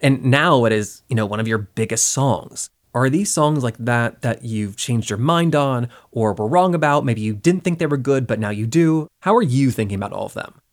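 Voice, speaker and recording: A man's voice: mid-range voice, lively intonation, normal speed, few pauses. A man hosting an interview, asking curious questions in a casual way, often filling in with "like". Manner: curious, fills in with "like" a lot. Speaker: interviewer, podcast host.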